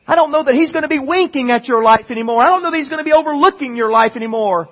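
A pastor preaching a sermon, pleading and swinging from quiet talk to impassioned urging. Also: male voice, extremely high pitch, racing, highs cut off.

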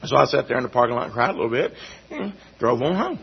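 A man giving a sermon testimony in a halting, folksy way, often repeating his words. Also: medium pitch, sing-song, vocal fry, husky. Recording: dull lo-fi recording.

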